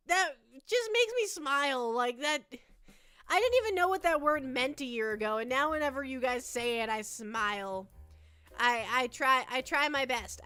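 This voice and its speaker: A woman's voice: on the high side, pushed and bright, no room sound. A young woman streaming, chatting casually and rambling, often stammering and repeating herself, squealing with delight when she thanks her viewers. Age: young adult. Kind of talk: casual livestream chat.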